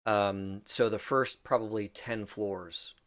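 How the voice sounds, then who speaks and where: A man's voice: lowish voice, steady tone, slow pace, fairly bright tone, no echo. A man narrating a tabletop game as game master, loose and full of fillers.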